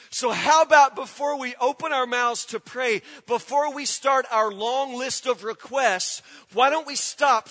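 A man's voice: extremely high pitch, sharp tone. A man preaching as a pastor, earnest and direct, repeating his points and appealing straight to his listeners. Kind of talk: sermon. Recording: long hall reverb.

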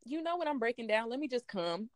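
A woman's voice: on the high side, sing-song, quick pace, no room sound. A woman hosting a faith podcast asks reflective questions and quotes scripture in an encouraging way. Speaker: podcast host. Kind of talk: faith-based podcast conversation.

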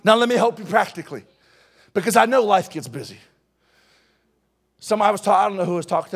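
A young adult male pastor preaching a sermon to young people, swinging between quiet talk and loud, impassioned exhortation. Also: sits high, expressive, fairly quick, long pauses. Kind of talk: sermon to youth.

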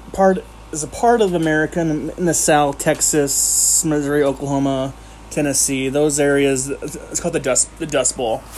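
A man with a slightly high voice talks through history in a loose, offhand way. He speaks slowly, stumbles and restarts often, and drops in jokes, with a faint hiss underneath. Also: fairly bright tone. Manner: rambling, jokey, many restarts and self-corrections. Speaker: amateur history presenter. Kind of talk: casual unscripted history explainer.

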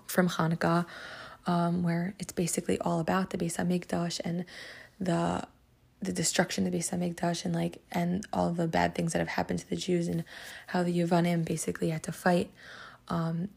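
A fairly low, creaky woman's voice with a darkish tone and a breathy edge. Hosting a podcast lesson on Psalms, she tells a story in a relaxed, chatty manner full of "um" and "like."

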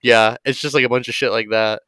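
Smooth-voiced rambling podcast guy. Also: medium pitch, fairly quick, no room sound. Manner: rambling, animated, swears a lot. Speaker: podcast co-host. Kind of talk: casual comedic storytelling.

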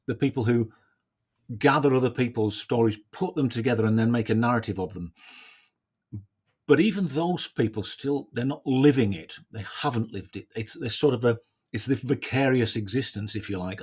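A man's voice: medium pitch, darkish tone, slightly rough. A man hosting a casual solo podcast, thinking aloud in a reflective way and often adding tag questions. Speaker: podcast host.

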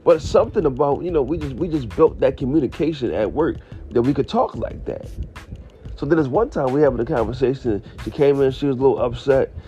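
A man telling a comedic story on a podcast, ranting in an animated, incredulous, profane way, with slightly muffled audio and faint music. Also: medium pitch, fast talker. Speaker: podcast host.

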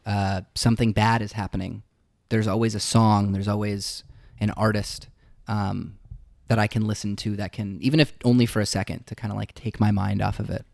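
A man, a musician guest, telling his life story in a casual interview, reflective and halting with fillers. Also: lowish voice, level tone, gravelly, a little mellow, dry recording, clean studio sound.

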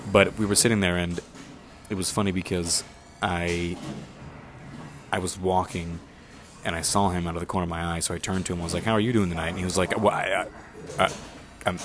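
A young man with a lowish voice tells a long, rambling story in casual chat. He swears a lot and acts out the people he quotes, often jumping up in pitch for their lines. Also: fairly even intonation, fairly quick, long pauses, noisy background.

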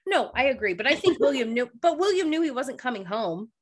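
A woman's voice: high-pitched, very animated, brisk. A woman co-hosting a podcast, chatting about a TV episode in a talkative, emotional way. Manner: emotional, talkative, laughs and gets teary. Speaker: podcast co-host. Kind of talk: casual chat recapping a TV episode.

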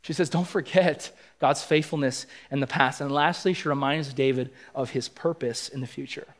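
A man's voice: medium pitch, moderate pace. A man preaching a sermon in a church, earnest and emphatic, acting out quoted lines as he goes. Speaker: pastor. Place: church sanctuary.

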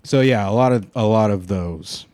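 A man in casual chat, telling stories in an animated way, swearing and laughing easily. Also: on the low side, moderate pace, dry recording.

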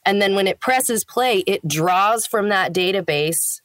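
A woman's voice: medium pitch, measured pace, a bit bright, dry recording. A woman in her thirties, a voiceover actor, chatting in an interview and explaining things with easy laughs. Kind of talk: casual interview chat.

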